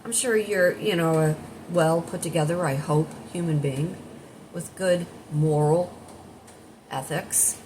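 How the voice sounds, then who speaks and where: Woman in her sixties, low voice, rambling casual chat, noisy home recording. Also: steady tone, takes it slowly, darkish tone. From United States. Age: 60s. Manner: chatty, rambling, talks directly to viewers. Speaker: vlogger and life coach. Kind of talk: casual morning chat to camera.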